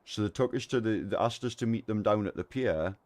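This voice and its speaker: A man, streaming and chatting casually, telling a lively anecdote full of swearing. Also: lowish voice, brisk. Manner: animated storyteller, swears a lot, acts out voices in anecdotes. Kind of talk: casual gaming chat and storytelling.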